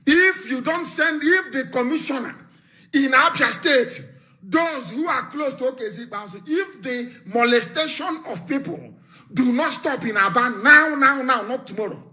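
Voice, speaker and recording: A middle-aged Nigerian man delivering a fiery live political broadcast, threatening and lecturing, repeating his warnings with sudden shouts. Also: extremely high pitch, moderate pace. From southeastern Nigeria.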